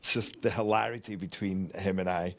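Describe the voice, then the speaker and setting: A man's voice: deep voice, moderate pace. A middle-aged man, an actor guest, telling an anecdote in a casual interview, acting out voices and cutting himself off as he goes. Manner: animated storyteller acting out quotes; swearing, self-interrupting.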